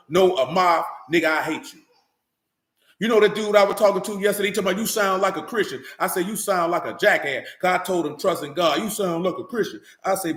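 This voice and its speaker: A man preaching a street-style sermon, heated and profane, often building to shouts. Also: fairly high pitch, reverberant.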